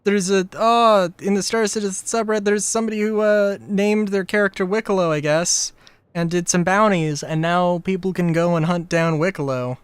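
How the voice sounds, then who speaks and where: A man's voice: high voice, fairly even intonation, moderate pace, clean tone, dry recording. A young man chatting casually on a live stream, ranting in exasperation with lots of swearing and filler words.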